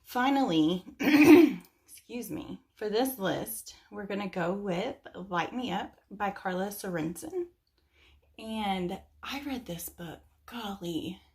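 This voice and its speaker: A woman's voice: mid-range voice, expressive, takes it slowly, darkish tone. A young woman chatting casually about books she recommends, rambling a little with lots of fillers. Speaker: book reviewer. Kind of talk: casual chat.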